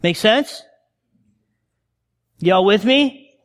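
A man's voice: sits high, animated, very slow, fairly bright tone, in a large hall. A male pastor preaching a conversational sermon, often calling out to his congregation.

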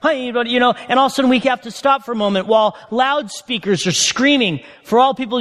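A man preaches in a loose, chatty sermon style, checking in with his listeners through frequent questions. His voice sits very high for a man. The sound carries a long reverb tail, as in a large hall. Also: fast talker, a bit bright. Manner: conversational, asks the audience questions. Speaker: pastor.

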